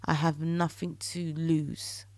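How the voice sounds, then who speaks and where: A woman hosting a solo podcast, talking earnestly and coaching listeners through affirmations she recites slowly. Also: low voice, flat delivery, a little mellow, dry recording. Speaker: podcast host. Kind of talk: solo podcast talk on manifestation.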